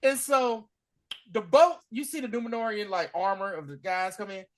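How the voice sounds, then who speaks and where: Animated man recapping a show. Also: high voice, moderate pace. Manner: animated retelling, acting out characters' lines in a slangy voice. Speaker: podcast host. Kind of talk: casual episode recap.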